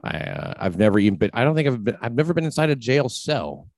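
A man's voice: mid-range voice, big pitch swings, quick pace, a little mellow, no echo. A man hosting a podcast, talking casually in a rambling, profane way with many restarts. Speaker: podcast host. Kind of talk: casual chat.

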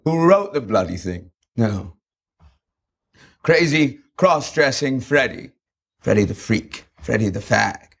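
A man's voice: medium pitch, vocal fry, slightly rough, full character voice. An actor playing a weary, bitter male rock band frontman in a film scene, sarcastic and self-pitying. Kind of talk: film drama acting.

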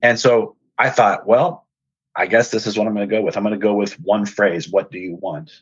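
A man's voice: lowish voice, fairly even intonation, a little fast, breathy edge, dry recording, highs cut off. A man hosting a podcast, earnestly retelling a personal story and acting out the dialogue. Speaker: podcast host and speaker.

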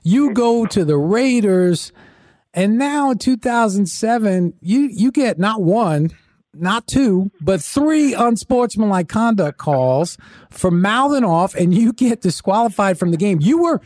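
A male interview host with a high-pitched voice recaps the guest's past and prompts him with questions. The sound is dry and close. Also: lively intonation, measured pace, a little mellow, dry recording. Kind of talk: casual interview.

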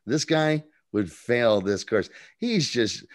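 A man co-hosting a casual podcast, retelling scenes in an animated way with laughs and quick impressions. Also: medium pitch. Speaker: podcast co-host. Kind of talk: casual recap chat.

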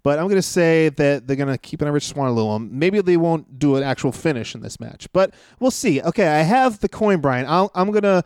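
A man co-hosting a podcast in casual chat, brisk and keeping the conversation moving. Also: a little high, animated, a little mellow, clean tone, dry recording, studio quality. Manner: brisk, keeps the talk moving, laughs often. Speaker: wrestling podcast co-host.

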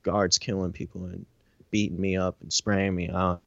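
A man's voice: deep voice, moderate pace, vocal fry, no room sound, lo-fi sound. A man telling a raw personal story. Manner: animated, profane, filler-heavy storytelling. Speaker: interview guest.

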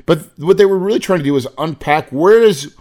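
A man's voice: fairly high pitch, animated, brisk, a little mellow. Man, 40s, motivational speaker; earnest and emphatic, calls the audience guys. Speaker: real estate investor speaker. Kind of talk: motivational talk.

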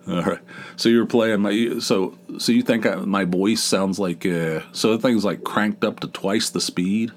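A man's voice: lowish voice, steady tone, measured pace. A man hosting his own podcast in a casual, rambling, self-deprecating monologue, with a big dopey voice and many restarts. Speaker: podcast host.

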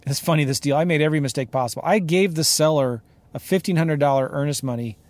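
A man's voice: fairly high pitch, fast, dry recording. A man hosting a podcast, telling a story about a deal in a casual, emphatic rant and laughing along. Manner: animated, emphatic, laughs while telling stories. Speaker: podcast host, real estate investor. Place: in a car.

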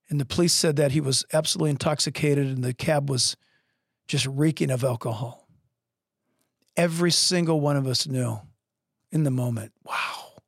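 A middle-aged man preaching a podcast sermon as pastor, telling stories with lively acted-out voices. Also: mid-range voice, gravelly, slightly rough, no room sound, studio quality. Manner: animated, acts out voices in stories. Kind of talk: sermon storytelling. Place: podcast studio.

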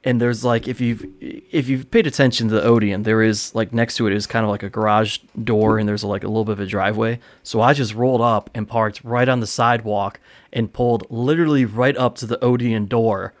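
A man's voice: fairly low pitch, steady tone, brisk. A man hosting a podcast, telling a backstage story in a loose, rambling way, swearing casually and laughing now and then. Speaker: podcast host, wrestling promoter.

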